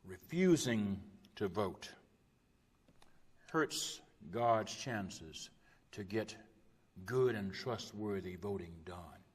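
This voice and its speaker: A man preaching a sermon as a pastor, impassioned, with repeated rhetorical phrases that swing from loud urgent peaks to hushed low drops. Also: lively intonation, very slow, pauses often, slightly rough. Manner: repetitive rhetorical cadence. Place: church sanctuary. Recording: long church reverb.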